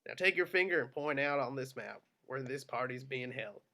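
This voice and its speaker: A man's voice: mid-range voice, lively intonation, moderate pace, sharp tone. A man reading a hard-nosed officer's lines in an amateur script reading, drawling and menacing. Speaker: reader of Aldo.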